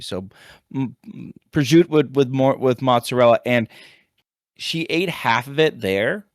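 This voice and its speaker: A man in his thirties from the United States chats casually on a podcast. He tells a story in a rambling, animated way and keeps restarting his sentences. His voice sits at an ordinary male pitch and sounds dry and close. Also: a little slow, dry recording. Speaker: podcast co-host, high school teacher. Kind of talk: casual chat.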